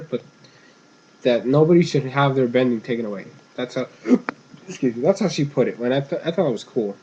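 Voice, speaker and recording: A young man talks through an episode in a loose, rambling recap, drifting off track and doubling back. His voice sits at an ordinary middle pitch. The recording is dull and lo-fi, with a faint hiss underneath. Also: a little mellow. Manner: rambling, meandering, casual. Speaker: episode reviewer.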